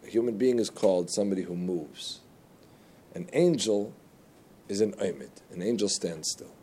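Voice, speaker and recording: Low, mellow-voiced man teaching Torah. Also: moderate pace, slight background noise. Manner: animated, pitch jumps on key words. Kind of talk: religious lesson with storytelling.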